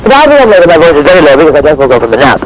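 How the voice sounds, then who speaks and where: A man's voice: on the high side, very animated, very fast. A man putting on a grand, drawling diva voice as he leaves an affected, theatrical message on an old, hissy answering machine tape. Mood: grandly theatrical.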